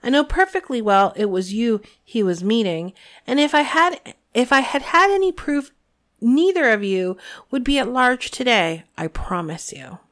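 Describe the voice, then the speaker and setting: A woman's voice: fairly high pitch, lively intonation, moderate pace, fairly bright tone. A woman reading aloud, voicing a cruel, sweet-talking headmistress with prim, cold threats. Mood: sweetly menacing. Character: sugary, cruel, power-hungry headmistress.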